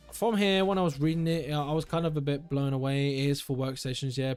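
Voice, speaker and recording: A man's voice: medium pitch, darkish tone. Rambling young man streaming. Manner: rambling, self-correcting, enthusiastic. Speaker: tech livestreamer. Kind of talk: casual live-stream chat. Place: at home.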